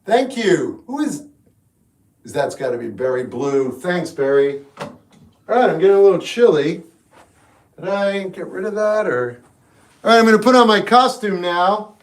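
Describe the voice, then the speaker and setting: A man's voice: sits high, expressive, normal speed, pauses often. A young man streaming live, chatting casually and jokingly with his viewers as he rambles from thought to thought. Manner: rambling, jokey, talks back to chat. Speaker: livestreamer. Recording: roomy echo, faint guitar music behind.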